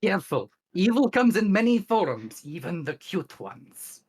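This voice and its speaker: A man's voice: sits high, very animated, measured pace, darkish tone, husky, voice pushed up, full character voice. A man playing a stern, pious holy warrior in a tabletop game, speaking in a solemn, warning tone.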